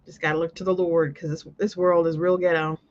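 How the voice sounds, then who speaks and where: A show host delivers a casual commentary monologue in an earnest, rambling manner with many restarts. The voice is medium-pitched and fairly quick, with little pitch movement and a lo-fi sound.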